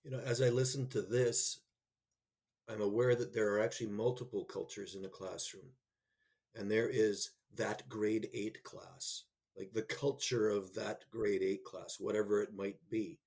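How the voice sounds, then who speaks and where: Man, middle-aged, school leader, husky voice, reflective, roundtable talk. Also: on the low side, fairly even intonation, a little slow, darkish tone. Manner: reflective storyteller, acts out quoted voices. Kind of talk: roundtable discussion.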